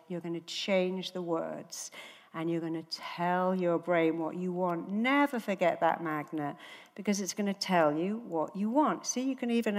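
A woman, a therapist, giving a motivational stage talk, telling stories with animated, acted-out voices. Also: mid-range voice. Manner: animated storytelling, acting out quoted voices. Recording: reverberant hall.

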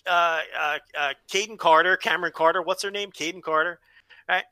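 A man's voice: on the high side, fairly even intonation, brisk, pushed and bright, no room sound. A man co-hosting a casual wrestling podcast, talking emphatically and playfully and repeating phrases for comic effect. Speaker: podcast co-host.

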